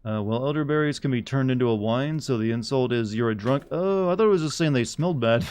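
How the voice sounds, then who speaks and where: A man's voice: mid-range voice, quick pace, a little mellow, clear, resonant tone. A man streaming a video game live, rambling casually, chuckling, and fumbling as he tries out pronunciations.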